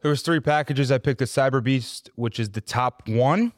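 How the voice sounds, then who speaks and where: A man's voice: mid-range voice, moderate pace, no echo, clean studio sound. A man co-hosting a casual podcast, brash and boastful, swearing freely as he argues his point. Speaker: podcast co-host. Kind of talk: casual banter.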